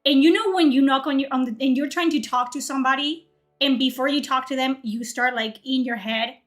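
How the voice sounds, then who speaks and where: A woman in her late twenties telling a story as a heated, profane rant, acting out both sides of an argument. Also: sits high. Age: late 20s. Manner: heated, profane, animated retelling. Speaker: streamer.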